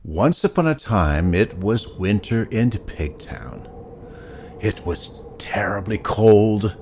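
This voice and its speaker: A man reading a children's story aloud in an unhurried, expressive way. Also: deep voice, a little hiss or hum.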